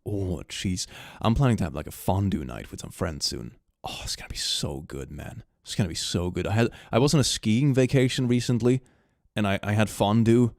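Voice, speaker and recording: A young man streaming from home, reading fan memes aloud and reacting in an animated, giggly way that swings between hushed and excited. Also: lowish voice, brisk, gravelly, no echo, clean studio sound. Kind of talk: casual livestream chat.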